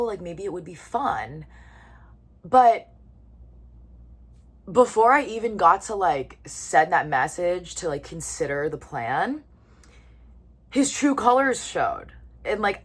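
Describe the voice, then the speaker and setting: A young woman in her twenties with a fairly low voice tells a story in casual vlog chat. She talks to the camera and fills her sentences with "like". She sometimes stops to eat a bite. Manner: chatty, lots of "like", eating while talking. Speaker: vlogger.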